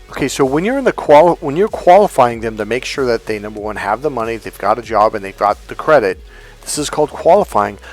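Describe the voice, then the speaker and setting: A man giving a casual, blunt lecture as a dating coach, swearing freely and telling anecdotes. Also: mid-range voice. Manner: blunt, profane, emphatic.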